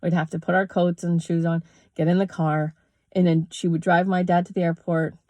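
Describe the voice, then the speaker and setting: A woman's voice: lowish voice, flat delivery, normal speed, darkish tone, no echo. A middle-aged woman telling a personal story, candid and emotional, swearing and laughing between lines. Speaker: yoga teacher and vlogger.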